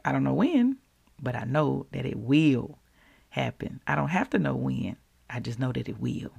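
A woman hosting a podcast, giving a casual, preacherly faith devotional in an animated, folksy way. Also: rumbling low, moderate pace, vocal fry, breathy edge. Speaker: podcast host.

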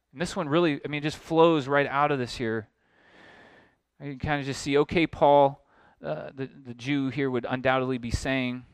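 A man's voice: medium pitch, clear, resonant tone, no echo. A man preaching an expository sermon as pastor, earnest, building to emphatic questions.

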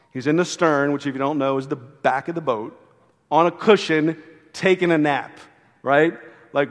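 Male pastor, sermon, storytelling, rhetorical questions, slightly high voice, long hall echo. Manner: storytelling, animated, frequent "right?" tag questions. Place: church sanctuary.

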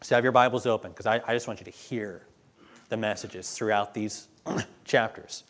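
A man preaching a sermon, reading scripture slowly and with weight, then talking plainly to his listeners. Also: on the low side, fairly even intonation, fairly bright tone. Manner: reads scripture slowly and emphatically, then talks plainly to the congregation.

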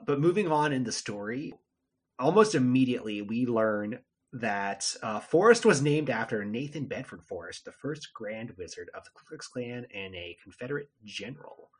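Husky, lively-voiced man. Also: mid-range voice, moderate pace. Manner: lively, uses many fillers like "like". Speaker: podcast co-host. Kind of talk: casual chat.

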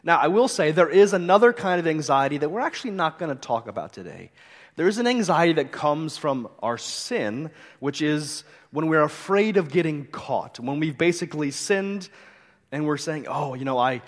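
A man's voice: a little high, animated, moderate pace. A middle-aged man, a pastor, preaching a sermon in an earnest, conversational way and mixing scripture reading with light humor. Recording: long reverb of a hall.

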